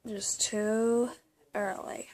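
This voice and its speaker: A young woman vlogging about her personal journal in a confessional, halting way, with many fillers and restarts. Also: medium pitch, little pitch movement, a little mellow, slight background noise. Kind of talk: casual personal vlog.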